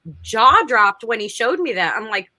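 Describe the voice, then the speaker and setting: Woman, guest, bright and tense voice, giggly, dry close sound. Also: on the high side, sing-song, moderate pace, no room sound. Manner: enthusiastic, giggly. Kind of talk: casual chat.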